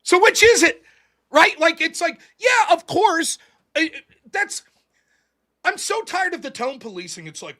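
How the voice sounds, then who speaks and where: A man's voice: extremely high pitch, big pitch swings, a little slow, pushed and bright. A man hosting a call-in show, ranting profanely and mocking critics' voices. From United States. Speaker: host. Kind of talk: casual call-in show chat.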